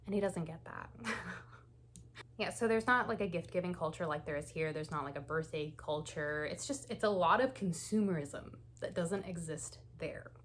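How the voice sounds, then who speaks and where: A knitting channel host shares easygoing stories in knit-and-chat fashion, chatty, laughing often and saying "like" constantly. Her voice is on the low side and fairly bright at a moderate pace, with slight background noise.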